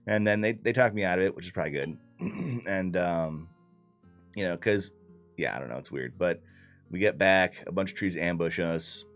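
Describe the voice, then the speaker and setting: A man's voice: low-pitched, lively intonation, moderate pace, faint music behind. A man loosely recapping a tabletop game session in casual, profane talk full of fillers. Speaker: player recapping the campaign.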